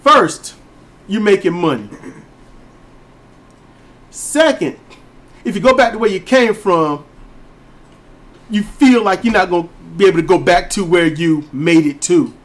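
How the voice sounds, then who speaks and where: A man's voice: unhurried, long pauses. Emphatic man ranting on a podcast. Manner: emphatic, storytelling, lively pitch swings. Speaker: podcast co-host. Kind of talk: casual ranting commentary.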